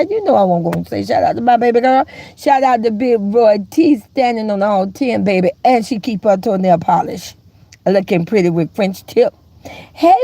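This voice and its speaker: A sassy woman chats on her live stream in a fairly high voice, teasing her viewers and calling them baby and honey. She laughs often and jumps into squealing highs. The sound is close and dry, with no room around her. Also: a little mellow, dry recording. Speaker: host of a live gossip channel. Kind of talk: casual live-stream chat.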